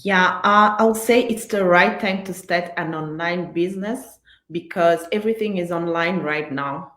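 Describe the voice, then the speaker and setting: Woman, low voice, halting speech, roomy echo on a video call. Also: fairly bright tone. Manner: halting, many "like" fillers. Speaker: business member. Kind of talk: casual testimonial.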